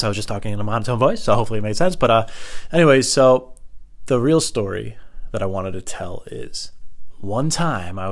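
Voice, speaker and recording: A young man hosting a podcast, telling a comic personal story in a rambling way, full of profane, self-mocking asides. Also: on the low side. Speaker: podcast host.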